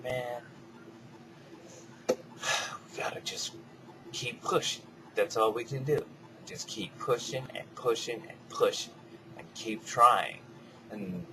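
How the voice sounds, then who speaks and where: A man rambling in a casual, reflective monologue, swearing freely and drifting between soft mutters and louder bursts. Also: medium pitch, noisy background. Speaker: vlogger.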